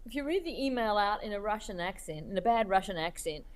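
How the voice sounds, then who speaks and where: Aussie woman guest on a radio chat, thoughtful, lots of pauses and restarts, middle pitch. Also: animated, very noisy. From Australia. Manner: thoughtful, halting, searches for words. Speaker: cartoonist guest. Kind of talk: reflective interview talk.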